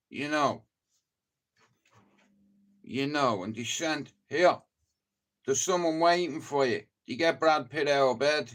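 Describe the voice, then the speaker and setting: Slow-talking Dublin man. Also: mid-range voice. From Ireland. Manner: rambling and heavily profane, chatty storytelling. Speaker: live streamer. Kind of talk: casual live-stream chat.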